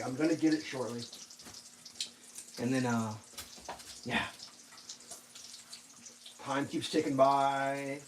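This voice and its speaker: A man's voice: mid-range voice, steady tone, takes it slowly, long pauses, distant mic, slight background noise, poor audio. A man telling a sarcastic, exasperated story in a casual rant while cooking in a home kitchen. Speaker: cooking vlogger.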